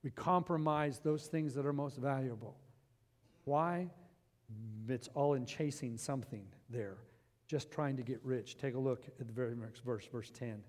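A man pastor preaching a sermon, animated, swinging from loud passages to hushed ones. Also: medium pitch, normal speed, long reverb tail.

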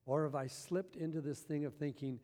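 A man's voice: on the high side, fairly even intonation, brisk, mellow. A man preaching a sermon with emphasis, often posing rhetorical questions to his congregation. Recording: long hall reverb.

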